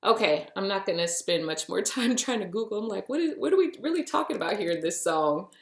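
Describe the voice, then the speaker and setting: A woman talks through her spiritual podcast in a loose, playful style, calling the listener honey and boo. Her voice sits at a middle pitch. The recording is roomy, with a clear echo around her. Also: lively intonation, a little fast. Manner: chatty and playful, with pet names like honey and boo. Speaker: podcast host. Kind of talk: casual spiritual podcast monologue.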